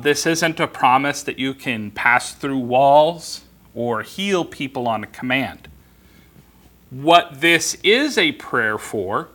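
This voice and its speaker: A man preaching a sermon that explains scripture word by word, in a deliberate way with frequent ums and restarts. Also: fairly high pitch, pushed and bright. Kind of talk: expository Bible teaching.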